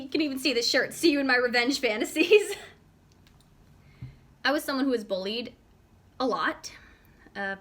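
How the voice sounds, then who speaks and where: Woman interviewer, bright tense tone, animated pitch, earnest. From United States. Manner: earnest, heartfelt. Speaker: interview host.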